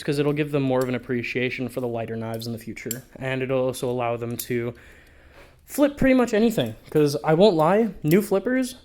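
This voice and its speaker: A man talking through a product review in a casual vlog, rambling and offhand, with frequent swearing. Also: on the high side. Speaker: balisong reviewer.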